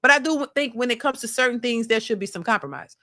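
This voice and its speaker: A woman's voice: fairly high pitch, fast, bright, forceful tone. Blunt, preachy woman commentator. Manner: blunt, preachy, addresses viewers as y'all; casual slang, repeats points. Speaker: reaction channel host. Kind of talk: opinionated commentary monologue.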